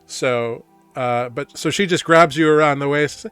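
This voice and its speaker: Male GM, loose rambling narration, smooth dry voice. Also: fairly high pitch, normal speed, few pauses, fairly bright tone, no echo, soft background music. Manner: casual, rambling, full of fillers. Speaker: game master. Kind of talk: narrating a tabletop game.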